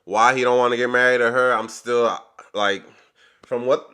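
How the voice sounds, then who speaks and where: A man talks straight to his channel's viewers in a casual review of a reality show. He rambles through the story in loose, slangy chat. His voice sits at an ordinary middle pitch. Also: fairly even intonation, moderate pace, pushed and bright, clear, resonant tone. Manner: rambling, chatty retelling with slang.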